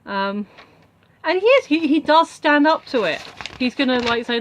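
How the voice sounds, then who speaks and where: A woman's voice: high-pitched, sing-song, normal speed, a little hiss or hum. A young woman casually recapping a film as a reviewer, rambling with many asides.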